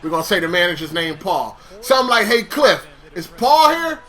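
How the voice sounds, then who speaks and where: A young man with a high, bright voice tells a story to the camera. He is animated and swears freely, acting out each back-and-forth himself. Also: moderate pace, faint music behind. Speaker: vlogger telling a story. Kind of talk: casual storytelling.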